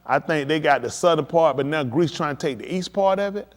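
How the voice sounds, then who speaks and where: A man preaching on a livestream, emphatic and addressing his listeners directly, building to excited peaks. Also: on the high side, fairly quick. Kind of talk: livestream preaching on world events.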